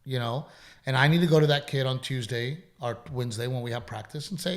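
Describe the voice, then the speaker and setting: A middle-aged man co-hosting a chatty podcast, his pitch sitting right in the ordinary male range. He talks in a loose, rambling way, drifting into anecdotes and laughing along the way. His tone stays easygoing throughout. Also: brisk. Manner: relaxed, rambling storyteller with laughs. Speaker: podcast host. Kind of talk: casual chat.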